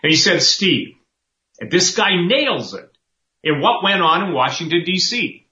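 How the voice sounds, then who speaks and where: A man talks with sermon-like fervor, pressing each point through emphatic repetition. His voice sits somewhat high and comes out forceful and bright. The recording is roomy and dull, with a lo-fi quality. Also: sing-song, measured pace. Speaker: talk show host. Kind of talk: impassioned preaching commentary.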